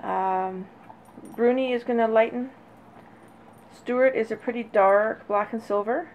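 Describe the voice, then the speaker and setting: A woman breeder talking casually and fondly while she films her puppies, now and then calling to them in a high sing-song. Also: fairly even intonation, measured pace. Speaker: dog breeder. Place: indoors near a puppy crate. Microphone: handheld camera. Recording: dull lo-fi audio with faint noise.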